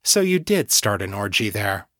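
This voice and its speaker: A hard-nosed female agent as a man puts her on, clipped and acidic in her questions. The reading is lively in pitch and recorded dry and close. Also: moderate pace, dry recording. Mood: cold. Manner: curt, acidic. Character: stern female agent, hostile interrogator.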